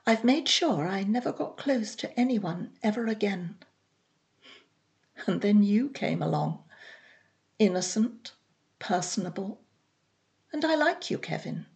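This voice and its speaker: Woman as a resigned older woman, quiet, unhurried, soft. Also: mid-range voice, animated, creaky.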